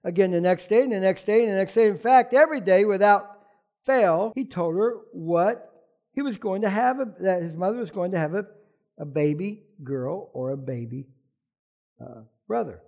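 A man preaching a sermon as pastor, animated, often asking the congregation questions. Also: high-pitched, moderate pace.

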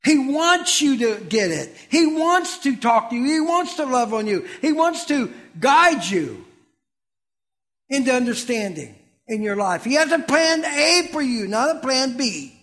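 A middle-aged man preaching a sermon in a high, bright-toned voice. He talks conversationally and asks his listeners questions. He swings between loud exclamations and hushed asides. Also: sing-song, a little slow. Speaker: pastor.

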